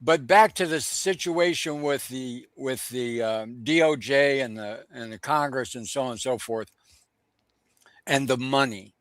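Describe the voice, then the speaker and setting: A man's voice: mid-range voice, a little slow, fairly bright tone, no room sound. A man giving emphatic stream commentary, repeating his points for force.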